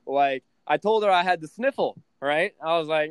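Profane, animated man, higher voice. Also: measured pace, smooth, no room sound. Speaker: podcast host and trading coach. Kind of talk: casual podcast chat.

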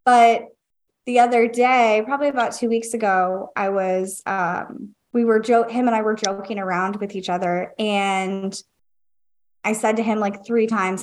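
A woman in her thirties hosting a podcast, telling personal stories with lively quoted dialogue. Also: medium pitch, moderate pace. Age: 30s. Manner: animated storyteller, acts out quotes. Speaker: podcast host. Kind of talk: casual podcast chat.

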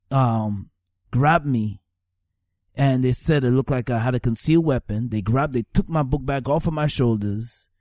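Middle-aged new guy telling his own story, earnest, keeps repeating himself, warm mellow voice, dry close sound. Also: mid-range voice, dry recording. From New York, Staten Island. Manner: earnest, repeats phrases for emphasis. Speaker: speaker giving testimony. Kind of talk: personal testimony.

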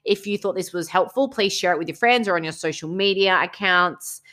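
Low-voiced blunt woman. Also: brisk, sharp tone. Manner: blunt, swears freely, emphatic. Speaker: podcast co-host. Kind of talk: casual chat.

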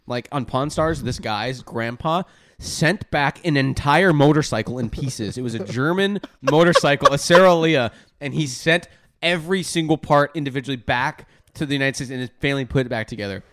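A man's voice: medium pitch, normal speed, fairly bright tone. A young man co-hosting a podcast in casual, rambling, swear-laden chat. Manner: profane, rambling, jokey. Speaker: podcast co-host.

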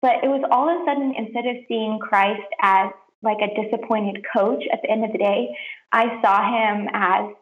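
A young woman, a podcast guest, sharing a heartfelt personal testimony in an earnest, soft-spoken way with lots of "like" fillers. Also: medium pitch, fairly even intonation, moderate pace. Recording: roomy, dull lo-fi podcast audio.

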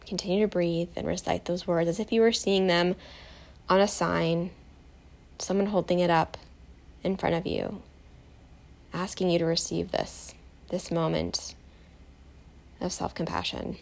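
A woman guiding a self-compassion meditation, soft, calm and encouraging, telling a short personal story. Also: fairly low pitch, measured pace, creaky, long pauses. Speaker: meditation guide.

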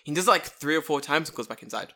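A young man tells a long, rambling story in a casual chat with a friend. He swears freely, his pitch jumps all over the place, and his voice has a bright, forceful edge. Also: fast talker. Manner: animated storytelling, heavy swearing.

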